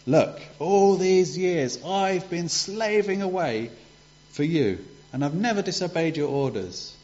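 A man's voice: on the high side, lively intonation, takes it slowly, a little mellow, lo-fi sound, voice pushed up. A man playing a resentful older son. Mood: aggrieved.

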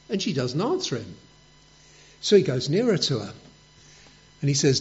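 In a dull lo-fi recording, a man preaches a sermon conversationally, telling stories and acting out little quotes. His fairly high voice has a sing-song lilt, moving at a moderate pace with frequent pauses.

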